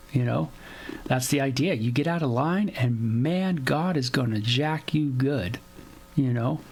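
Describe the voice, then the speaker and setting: A man with a husky, mid-range voice hosts a casual Bible devotional. He reads scripture and then retells it in loose everyday slang, keeping the tone conversational and animated.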